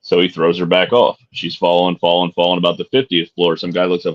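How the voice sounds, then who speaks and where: Middle-aged male co-host, very low and easygoing, swears freely and jokes, muffled lo-fi audio. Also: flat delivery, brisk. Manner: laid-back and profane, jokey. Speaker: podcast co-host. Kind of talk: casual chat. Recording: dull lo-fi sound.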